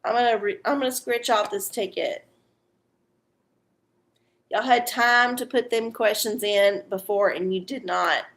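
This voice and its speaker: Woman, livestream host doing readings, unhurried gravelly drawl, salty and frank, slightly weepy. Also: mid-range voice, fairly even intonation, a bit bright. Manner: blunt, profane and chatty. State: teary-eyed. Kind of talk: casual livestream chat.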